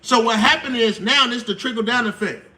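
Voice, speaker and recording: High bright-voiced man, slangy and animated. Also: brisk. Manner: animated, slangy, acts out quotes. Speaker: live stream host. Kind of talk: casual explainer monologue.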